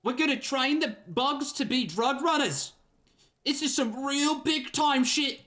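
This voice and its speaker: A man putting on the voice of a crude, shouting street boy with a loose Australian-sounding twang, heard from back off the mic. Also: extremely high pitch, steady tone, a little slow, pitched above the performer's own voice. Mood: rowdy.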